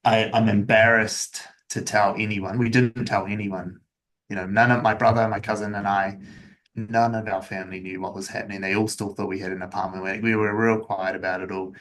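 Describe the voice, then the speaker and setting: A man who founded an agency, telling his personal story as a podcast guest in a candid, even-keeled way, with many uses of "like". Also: fairly low pitch, brisk.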